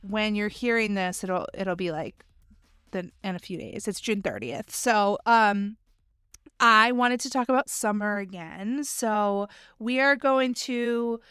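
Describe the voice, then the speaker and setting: Woman podcast co-host, chatty and giggly, clean smooth voice on a dry mic. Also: mid-range voice, animated, slow pace, fairly bright tone, no echo. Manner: chatty, giggly, lots of fillers. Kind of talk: casual podcast chat.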